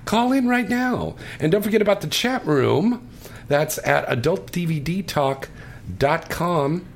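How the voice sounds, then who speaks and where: Rowdy, lively stoned male radio host. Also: on the high side, a little slow. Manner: joking, rowdy, animated. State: stoned, coughing. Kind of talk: loose on-air banter.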